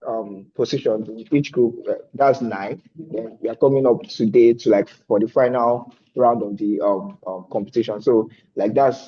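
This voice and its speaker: A man's voice: fairly low pitch, dark tone, slightly rough. A man giving a hesitant update on an online call, with many fillers. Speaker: fellowship student. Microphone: video call. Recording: dull lo-fi call audio.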